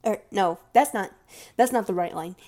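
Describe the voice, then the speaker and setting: A woman's voice: mid-range voice, moderate pace, mellow. A woman talking in a casual, rambling monologue, gushing and sometimes dropping to a whisper.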